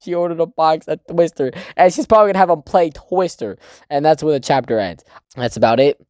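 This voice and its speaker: A man's voice: a little high, fairly quick, darkish tone, dry recording, studio quality. A man giving a casual, rambling chapter review, swearing often and laughing. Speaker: manga reviewer.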